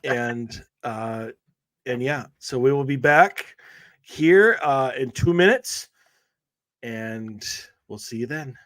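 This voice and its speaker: Slow, sarcastic male radio co-host. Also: mid-range voice, a bit bright, dry recording. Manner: sarcastic, mocking rant. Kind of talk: casual podcast banter.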